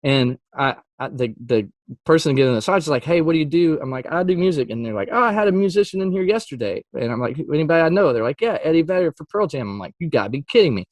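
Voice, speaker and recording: A man who is a Christian music artist, telling a story in a casual interview. He acts out quotes with sudden jumps in pitch and laughs often. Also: expressive, fast talker, no echo.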